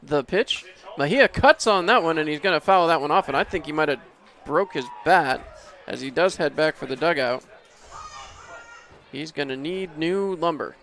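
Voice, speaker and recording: A man's voice: fairly high pitch, normal speed, creaky, fairly bright tone. A man calling baseball play-by-play from an outdoor ballpark booth, easygoing and chuckling, his voice rising sharply on big hits. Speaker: play-by-play announcer.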